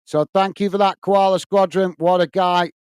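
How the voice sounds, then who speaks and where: A man's voice: high-pitched, steady tone, normal speed, a little mellow, clear, resonant tone, no room sound. A man from the UK hosting a live football watch-along, calling the play and thanking viewers by name in a chatty way. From United Kingdom. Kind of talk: live match commentary and chat reading.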